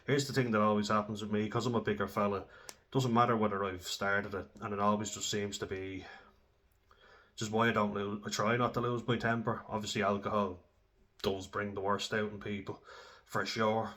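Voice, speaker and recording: A man's voice: lowish voice, flat delivery, moderate pace, fairly bright tone. A young Irish man telling candid, sweary stories about his own drinking, casual and self-deprecating. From Ireland. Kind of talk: candid personal storytelling.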